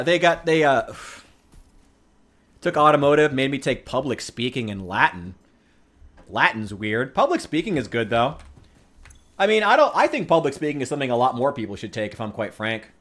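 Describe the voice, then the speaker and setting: A man's voice: medium pitch, big pitch swings, moderate pace, long pauses, fairly bright tone. A man chatting casually while streaming a game, ranting with profanity and sarcasm. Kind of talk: casual gaming stream chat.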